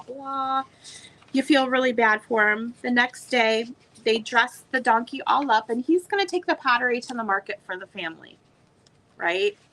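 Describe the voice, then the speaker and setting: A woman's voice: a little high, a bit bright, low-quality recording. A woman selling old books on a live stream, talking in a chatty, rambling way. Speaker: online book seller. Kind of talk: casual live sale chat.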